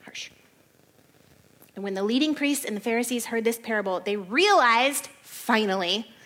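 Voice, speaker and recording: Chatty woman teaching the Bible. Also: a little high. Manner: chatty and animated, laughs often, says "like" a lot. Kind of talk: casual Bible study teaching.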